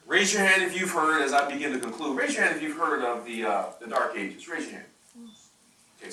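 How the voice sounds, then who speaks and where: A man's voice: a little high, sharp tone, a little hiss or hum. A man giving a university lecture in an impassioned, preacher-like style with call-and-response to the audience. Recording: echoey hall from far off.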